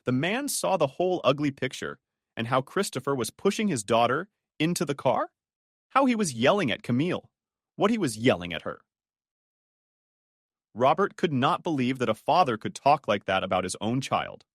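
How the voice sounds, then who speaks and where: A man's voice: mid-range voice, sing-song, moderate pace, no room sound, studio quality. A man narrating a scripted drama story in a dramatic storytelling manner.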